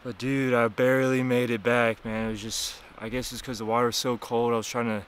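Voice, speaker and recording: Shaken young man with a bright voice. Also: medium pitch, level tone, a little fast, clean tone. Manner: rambling, profane, shaken and weak after nearly drowning. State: worn out and chilled. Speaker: vlogger. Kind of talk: casual vlog recap. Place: outdoors by a cold river and waterfall.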